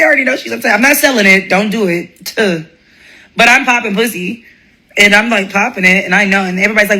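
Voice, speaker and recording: A woman hosting a live stream, telling a profane story in a blunt, animated way and laughing often. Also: medium pitch, fast talker.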